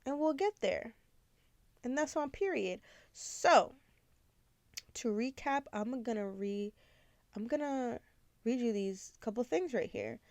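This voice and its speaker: A woman's voice: on the high side, no room sound. A woman in her twenties hosting a podcast, talking candidly and rambling with lots of fillers. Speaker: podcast host. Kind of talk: casual confessional chat.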